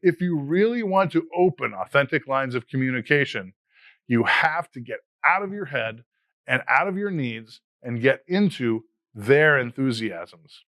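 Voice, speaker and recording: A man's voice: medium pitch, lively intonation, a bit bright, no room sound. A man in his fifties, an educator, giving a scripted, earnest motivational talk to fellow teachers. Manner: earnest, motivational, measured delivery. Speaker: educator and podcast host.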